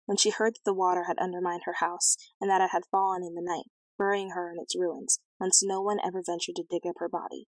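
A woman reading a fairy tale aloud in a measured, clear and expressive way. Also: on the low side, no room sound, low-quality recording. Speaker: storyteller.

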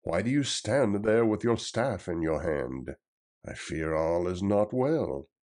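A man's voice: deep voice, expressive, slow, a little mellow. A man voicing a loyal, worried outlaw with a raised, anxious, questioning delivery. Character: loyal, worried male outlaw, big and eager.

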